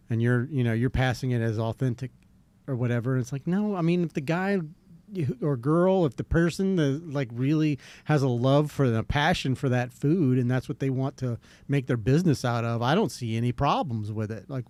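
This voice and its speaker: A man's voice: medium pitch, a little mellow, smooth, no room sound. A man hosting a podcast, chatting casually and rambling with plenty of fillers and restarts. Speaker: podcast host. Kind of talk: casual chat.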